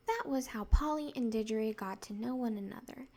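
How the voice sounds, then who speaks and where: A woman narrating a children's novel in a soft, partly whispered storybook reading. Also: fairly high pitch, brisk, hardly any pauses.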